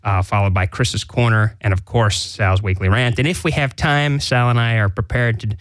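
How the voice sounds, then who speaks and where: A man's voice: on the low side, steady tone, moderate pace, smooth, dry recording. A man co-hosting a casual radio talk show, teasing his partner with dry humor and running through the show's lineup. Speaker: co-host.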